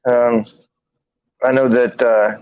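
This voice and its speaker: A man co-hosting a live paranormal talk stream, speaking in a halting, tired monotone with many fillers and restarts. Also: mid-range voice, clear, resonant tone, no room sound. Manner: monotone, tired from little sleep. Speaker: paranormal investigator and show co-host. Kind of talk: casual live-stream chat. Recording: dry, dull lo-fi stream audio.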